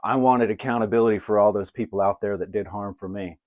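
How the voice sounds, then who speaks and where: A man's voice: fairly low pitch, fast, no echo, dull audio. A man giving live oracle card readings to viewers he greets by name, casual and swearing now and then. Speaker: livestream card reader.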